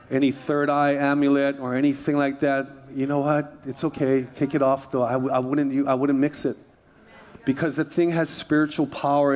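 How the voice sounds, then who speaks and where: High-voiced man preaching a sermon. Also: slight background noise. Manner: animated storytelling, self-interrupting asides. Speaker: pastor.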